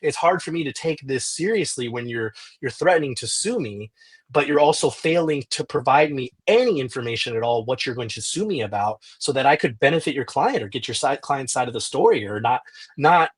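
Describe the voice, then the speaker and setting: Husky guy on a podcast recounting a story, lots of restarts, acts out the dialogue. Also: medium pitch, brisk. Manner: animated retelling with frequent restarts and quoted dialogue. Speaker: podcast guest, journalist.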